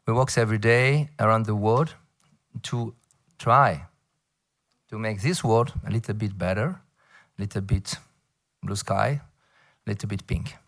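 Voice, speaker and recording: A middle-aged man from France with a French accent, speaking English as a second language and giving a conference talk, halting, with many fillers and playful asides. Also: fairly low pitch, fairly bright tone. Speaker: federation director addressing a round table. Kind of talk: conference speech.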